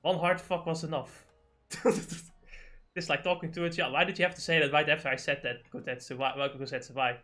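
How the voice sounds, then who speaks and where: A man's voice: fairly high pitch, fairly even intonation, fairly quick, sharp tone. A man streaming a video game, chatting casually with a friend, swearing a lot and mocking the dialogue. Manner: profane, ranting, reads game dialogue aloud mockingly. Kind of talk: casual gaming chat.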